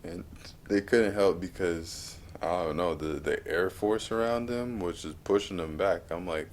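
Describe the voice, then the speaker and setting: A man casually reviewing a movie, retelling scenes with animated high-pitched outbursts. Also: a little slow, slight background noise.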